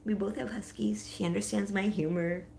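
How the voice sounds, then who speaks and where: A woman's voice: medium pitch, fairly even intonation, normal speed, gravelly, dark tone, a little hiss or hum. A young woman hosting a livestream, chatting casually, laughing often and answering her chat as she goes. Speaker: livestream host.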